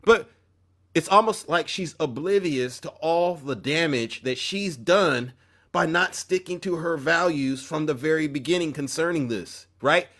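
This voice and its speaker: A man's voice: a little high, unhurried, a bit bright. A man hosting an opinion commentary show, talking emphatically in a preachy tone and often breaking off mid-sentence. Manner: emphatic, preachy, self-interrupting.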